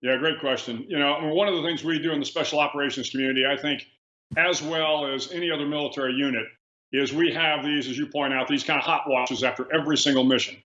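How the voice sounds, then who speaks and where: A man in his sixties, a retired admiral, telling stories as a guest in a measured way with frequent restarts, heard over a remote line. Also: fairly high pitch, steady tone, sharp tone. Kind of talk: remote interview. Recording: echoey, dull remote line.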